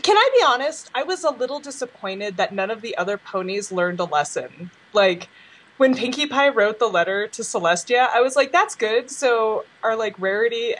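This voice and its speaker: A woman chatting casually as a podcast guest, bubbly and excitable. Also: medium pitch, fairly quick, a little hiss or hum, rough recording. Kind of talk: casual chat.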